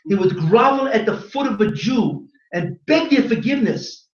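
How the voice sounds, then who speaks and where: Fiery high-voiced man lecturing in echoey hall. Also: expressive, normal speed. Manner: fiery, rhetorical questions, emphatic. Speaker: rabbi giving a lecture. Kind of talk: impassioned religious lecture. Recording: echoey hall, distant dull mic.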